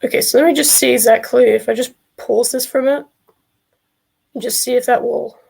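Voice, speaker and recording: A woman chats on a live stream in a jokey, rambling way, and she often drifts off topic. Her voice sits fairly high, with gravelly fry and a husky edge. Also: fairly even intonation, brisk, a little mellow, poor audio. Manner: rambling, jokey, easily sidetracked. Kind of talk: casual live-stream chat.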